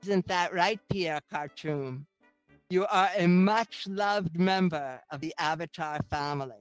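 A woman's voice: lowish voice, measured pace, no echo, faint music behind, rough recording. A middle-aged woman performing a teasing, sardonic stand-up comedy set as host. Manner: sardonic, teasing, mock-sweet asides.

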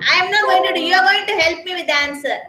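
A woman with an Indian English accent teaching a kindergarten class online, speaking slowly and patiently and spelling words out letter by letter. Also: extremely high pitch, bright, forceful tone, echoey room, slight background noise, rough recording. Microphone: video call.

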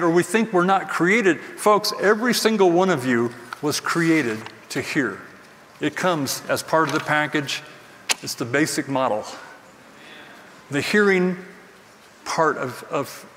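A man's voice: fairly high pitch, a bit bright. A man preaching a sermon in a church, earnest and emphatic, repeating his key phrases. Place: church sanctuary. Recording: distant mic in a reverberant hall with faint noise.

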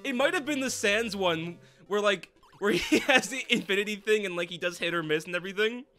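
A young woman hosting a casual game session with a friend, giggling often and breaking into loud swearing outbursts. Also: mid-range voice, lively intonation, fairly quick. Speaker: gaming channel host. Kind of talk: casual let's-play chat.

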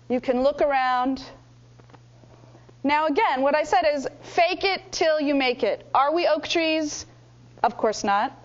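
A high-pitched woman runs a lively speaking workshop, calling out instructions and acting out exercises for the group. Her voice comes through a slightly dull, lo-fi recording of the room. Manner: energetic, coaching, demonstrates with exaggerated voices.

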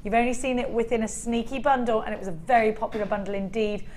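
Woman, TV shopping presenter, bright high voice, chatty sales patter, faint room noise. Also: steady tone, fast talker. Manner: chatty, upbeat, bubbly selling.

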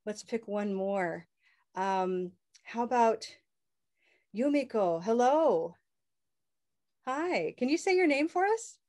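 A woman's voice: fairly high pitch, expressive, slow, long pauses, darkish tone. A woman teaching English pronunciation in a live online class, upbeat and leading call-and-response chants over a video call.

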